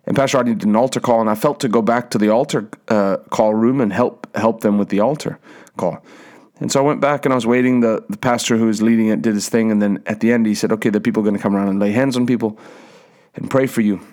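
A man's voice: lowish voice, steady tone, fast talker, darkish tone. A young man preaching a sermon, telling a personal story with emphatic repetition and frequent restarts. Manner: emphatic, repeats phrases, restarts words.

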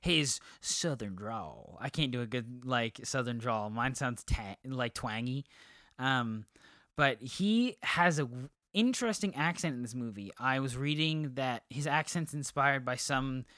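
A man's voice: mid-range voice, unhurried, sharp tone, dry recording, clean studio sound. A man co-hosting a movie podcast, chatting casually with many ums and restarts. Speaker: podcast co-host. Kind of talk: casual chat.

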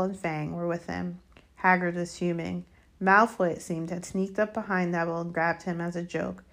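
Low-voiced woman reading a story aloud. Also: gravelly. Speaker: audiobook reader. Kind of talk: storybook narration.

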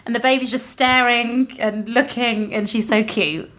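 A woman's voice: a little high, fairly even intonation, unhurried, fairly bright tone. Bubbly woman hosting a podcast. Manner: bubbly, laughs often, gushing. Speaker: podcast host. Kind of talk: casual interview chat.

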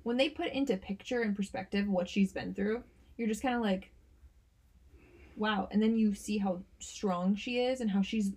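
A woman co-hosting a podcast in casual chat, with a dry, deadpan sense of humor and a husky voice. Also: medium pitch, moderate pace. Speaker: podcast co-host.

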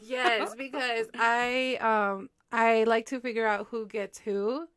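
A young woman with a slightly high voice chats casually as a podcast co-host. She talks softly and rambles, full of filler words and giggles. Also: steady tone, takes it slowly, smooth. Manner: rambling with many "like" fillers, soft-spoken, giggly. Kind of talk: casual chat.

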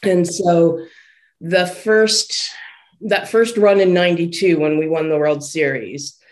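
Relaxed guest, 50s. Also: medium pitch, slow. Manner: relaxed storytelling with many ums. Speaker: interview guest. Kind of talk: casual interview chat.

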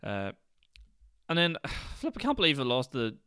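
A man's voice: medium pitch, huge pitch swings, moderate pace, pushed and bright, smooth, no room sound, clean studio sound. A Northern Irish man hosting a solo podcast, rambling and ranty, with lots of "like" fillers. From Northern Ireland. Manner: rambling, ranty, heavy use of "like". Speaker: podcast host.

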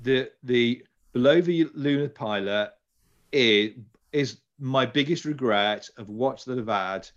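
A man's voice: medium pitch, measured pace, highs cut off. A British man talking casually as a podcast co-host, chatty and enthusiastic, rambling a little as he goes. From Britain. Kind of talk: casual chat.

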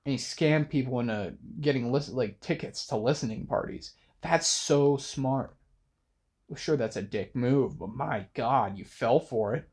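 A man's voice: medium pitch, a little mellow. A young man talks through his thoughts in a loose late-night monologue. He rambles, trips over himself and restarts often, leaning on fillers as he goes. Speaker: podcast host.

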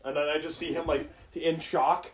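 A man's voice: on the high side, normal speed. A young man chatting casually with friends, telling a funny story with lots of laughter. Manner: animated storyteller, often laughing. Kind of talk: casual chat among friends.

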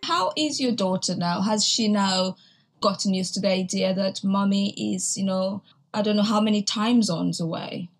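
A Kenyan woman hosting a podcast interview, chatting warmly and reading slow scripted segment links. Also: medium pitch, breathy edge, faint music behind. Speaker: podcast host.

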